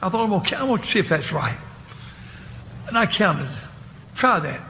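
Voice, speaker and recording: An older man preaching a sermon in a church, rambling and halting and repeating his words. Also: high-pitched, sing-song, pushed and bright. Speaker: pastor. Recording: reverberant church hall, faint hiss.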